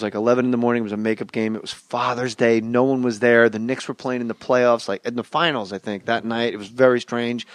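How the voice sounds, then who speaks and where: A middle-aged man hosting a comedy podcast, telling stories quickly and with lots of swearing. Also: medium pitch, clear, resonant tone, no echo. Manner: rapid, profane storytelling. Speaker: podcast host. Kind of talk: casual comedy chat.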